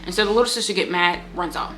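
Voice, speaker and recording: A woman giving a casual book review on her vlog, talking in an animated, candid way, swearing freely and acting out lines from the story. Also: fairly low pitch, fast, slight background noise. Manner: animated, candid and profane, acts out quotes.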